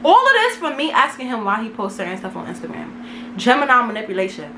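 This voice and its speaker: A young woman vlogger from Brooklyn, New York talks fast in a slightly high, bright voice with huge pitch swings and a forceful tone. Her casual storytime is slangy and self-deprecating, recorded in an echoey room with slight background noise.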